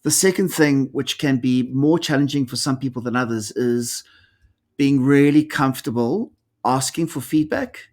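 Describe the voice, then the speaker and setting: A man's voice: medium pitch, moderate pace. A middle-aged man from South Africa, an executive coach talking in an interview, telling stories animatedly and acting out the dialogue. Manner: animated storyteller, acts out quoted dialogue. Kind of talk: conversational interview storytelling.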